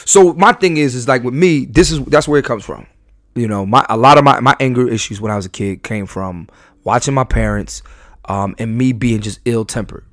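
Speaking at a moderate pace in a mid-range voice, a New York podcast host rambles confessionally and candidly, using lots of slang and restarting sentences. The recording is dry and studio clean.

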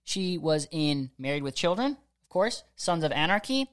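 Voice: mid-range voice, animated, normal speed, clear, resonant tone. Enthusiastic podcast co-host listing cast picks. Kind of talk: casual chat.

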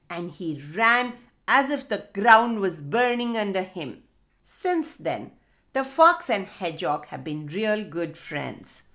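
A woman telling a storybook tale to children, expressive and speaking to them directly. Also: mid-range voice.

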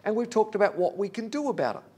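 A man's voice: high voice, sing-song, fast talker, warm tone, slightly rough. A man preaching a sermon, earnest and candid, talking plainly to the congregation with fillers.

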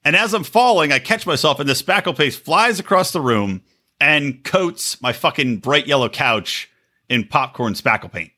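A man's voice: fairly high pitch, moderate pace. A man hosting a casual podcast chat, telling stories and acting out other people's voices. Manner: animated storyteller, acts out quoted voices. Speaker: podcast host.

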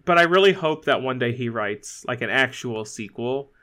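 A chatty man co-hosting a podcast, his voice bright and forward. He talks loosely, full of fillers and restarts, and laughs easily as he goes. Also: medium pitch, animated, normal speed. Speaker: podcast co-host. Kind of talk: casual chat.

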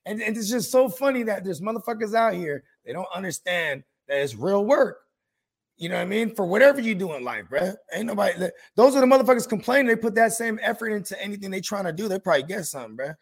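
A man hosting a podcast, telling a story in a profane, animated way and acting out the quotes. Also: sits high, fast talker, slightly rough. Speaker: podcast host. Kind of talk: casual podcast chat.

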